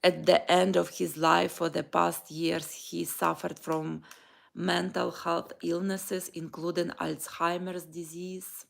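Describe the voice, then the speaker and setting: Woman talking slow and heartfelt to camera, lots of vocal fry. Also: lowish voice, flat delivery. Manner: slow, halting, heartfelt, with pauses and restarts. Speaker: vlogger and life coach. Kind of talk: personal morning reflection vlog.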